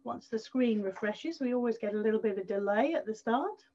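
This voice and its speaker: A woman speaking at an event, telling a story in an animated way and repeating words for emphasis. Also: a little high, brisk. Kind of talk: presentation talk with storytelling. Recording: dull slightly lo-fi sound.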